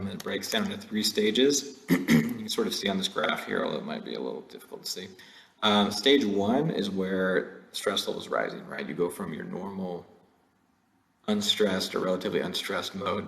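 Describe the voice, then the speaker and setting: Low, gravelly man lecturing casually. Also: a bit bright, echoey room. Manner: conversational, frequent "right?" and "like", jokey asides. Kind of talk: recorded online lecture.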